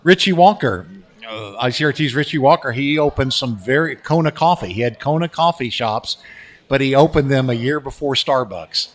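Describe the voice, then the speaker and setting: A man's voice: mid-range voice, moderate pace. Older man telling radio stories. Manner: relaxed anecdotal, frequent restarts. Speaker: radio veteran guest. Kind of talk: casual storytelling interview.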